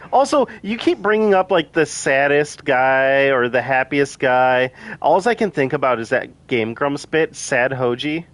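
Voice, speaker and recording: A man's voice: mid-range voice, expressive, a little slow, fairly bright tone, no echo. A man in his mid thirties co-hosting a casual podcast chat, joking and laughing often. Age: 30s. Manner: laughs a lot, jokey and loose. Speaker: podcast co-host.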